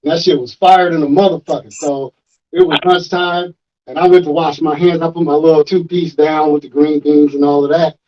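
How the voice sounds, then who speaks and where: A man's voice: fairly high pitch, a little fast, lo-fi sound, slight background noise. A man, a rapper guest, telling a story in casual, profane chat and acting out the voices of the people in it. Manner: animated, profane, acts out quoted voices.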